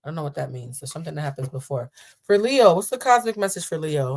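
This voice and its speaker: A woman's voice: sits low, very animated, brisk. A young woman runs a live tarot reading and talks straight to her chat. She is sassy and playful, full of teasing asides. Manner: sassy, chatty, playful asides, reads viewer comments aloud. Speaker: tarot reader and livestream host.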